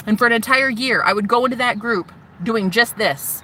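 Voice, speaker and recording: Woman vlogger, high-ish bright voice, sassy and profane, personal testimony. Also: normal speed. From United States. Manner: animated, sassy, calls viewer "honey"; swears freely, shouts mocking retorts.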